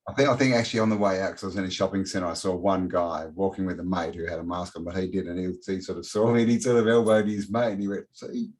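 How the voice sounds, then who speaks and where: A man's voice: low-pitched, steady tone, fast talker, few pauses, a little mellow. A man as a podcast guest, chatting bluntly with casual swearing and frequent laughs. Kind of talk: casual chat.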